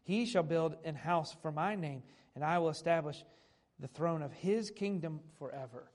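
Man, pastor, sermon, fairly high voice, reads scripture then explains it plainly. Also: normal speed, a little mellow. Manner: reads old scripture aloud then restates it in plain everyday speech.

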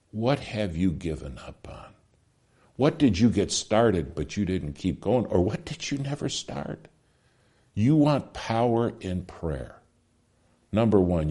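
A middle-aged man preaching a sermon, with dramatic delivery that drops to a hush for emphasis. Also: deep voice, slightly rough.

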